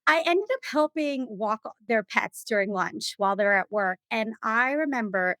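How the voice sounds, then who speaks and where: A woman guest telling stories in a casual interview, chatty and animated, full of "you know" and "like.". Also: on the high side, moderate pace, dry recording. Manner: animated, acts out other people's lines. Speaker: podcast guest.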